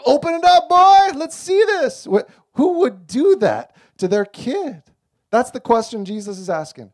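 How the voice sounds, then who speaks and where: A middle-aged man preaching a casual, joking sermon to a church congregation with children. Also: high-pitched. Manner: relaxed, joking storyteller. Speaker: pastor. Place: church service.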